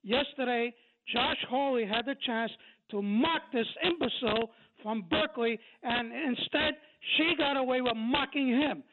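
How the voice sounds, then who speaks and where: A man's voice: extremely high pitch, a little slow. A man calling in to a radio show, heated, combative and insulting as he rants. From New York. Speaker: caller. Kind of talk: call-in radio rant. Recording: tinny phone line with loud noise.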